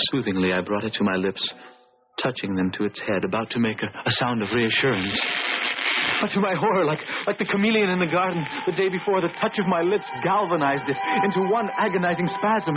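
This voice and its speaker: An actor playing an anguished, furious young lover who also narrates a 1970s radio drama, theatrical in manner. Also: male voice, medium pitch, natural voice. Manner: theatrical, swings between hushed narration and shouting accusations. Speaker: narrator and lead character. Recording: dull old radio broadcast with hiss.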